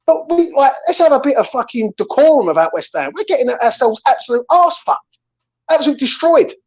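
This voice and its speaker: A man's voice: very high-pitched, big pitch swings, fairly quick, a little mellow. A man hosting a fan channel, ranting and swearing in an angry chat after a match. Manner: ranting, swearing, keeps saying "right?" and "mate". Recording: slightly dull lo-fi sound.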